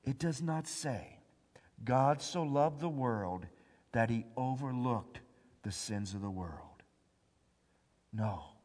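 A man preaching a sermon, swinging between hushed low phrases and loud emphatic lines, drawing out the scripture he quotes. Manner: slow, deliberate delivery with drawn-out scripture quotes. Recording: long hall reverb.

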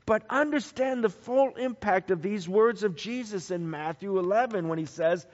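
A pastor with a somewhat high voice preaches, spinning stories and hammering home points through repetition. His words ring out with a long reverb, as if in a large sanctuary. The recording itself sounds dull and lo-fi. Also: moderate pace. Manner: storytelling, building emphasis through repetition. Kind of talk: sermon.

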